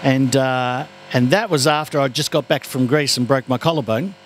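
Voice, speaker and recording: Animated comedian, noisy background. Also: male voice, mid-range voice, moderate pace. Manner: animated storyteller, slips into comic voices. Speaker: guest comedian. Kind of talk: casual interview chat.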